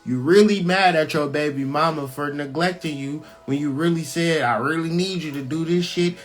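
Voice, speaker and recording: A man with a slightly high, fairly bright voice hosts his own channel, offering blunt and profane spiritual commentary on a scripture reading. Preaching-style, he drives points home by repeating phrases and slowing down on key words.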